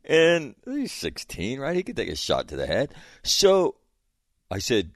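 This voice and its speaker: A middle-aged podcast host tells a casual story, rambling with lots of fillers and restarts and laughing at his own tales. His mid-range voice swings hugely in pitch and takes its time. The recording is dry and studio-clean.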